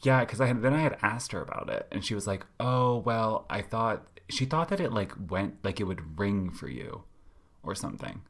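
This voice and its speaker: A man's voice: lowish voice, animated, brisk, husky. A young man co-hosting a podcast, chatting casually with many fillers and restarts. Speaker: podcast co-host. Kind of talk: casual chat.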